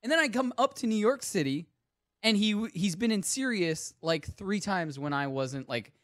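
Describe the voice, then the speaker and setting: A man's voice: sits high, normal speed, no echo, clean studio sound. A man from Northern Virginia hosting a pop culture podcast, chatting casually and telling stories. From Northern Virginia, USA. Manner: animated, storytelling. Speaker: host.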